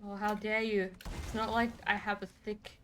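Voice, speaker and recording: A woman's voice: mid-range voice, flat delivery, moderate pace. A woman with an Australian accent, chatting playfully and teasing her co-player while streaming a game. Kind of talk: casual gaming chat.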